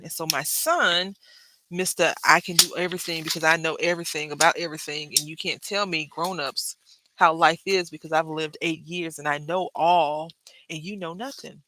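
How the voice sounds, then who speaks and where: A woman's voice: fairly low pitch, normal speed, background noise. A woman chatting to her viewers about her day while she works on a craft project, telling stories as she goes. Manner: chatty storyteller, drifts between crafting and anecdotes; talks to viewers directly. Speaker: craft vlogger. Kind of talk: casual chat while crafting.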